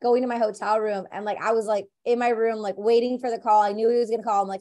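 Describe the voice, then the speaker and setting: Animated woman telling stories. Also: a little high, fast. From United States. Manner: animated storyteller, many fillers like "like" and "you know". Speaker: actor, interview guest. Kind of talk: casual interview chat.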